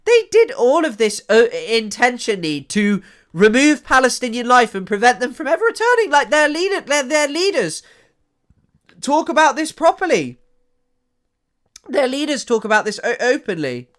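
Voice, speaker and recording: Lively, sweary young streamer guy. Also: very high-pitched, normal speed. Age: young adult. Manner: animated and sweary, trailing off into mumbles. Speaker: streamer reacting to news clips. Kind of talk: casual live-stream commentary.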